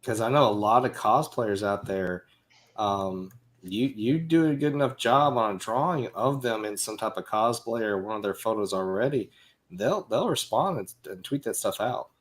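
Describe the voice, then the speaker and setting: A man's voice: on the low side, normal speed. A man co-hosting a casual livestream chat, joking and teasing the others. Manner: teasing, jokey, animated. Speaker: co-host.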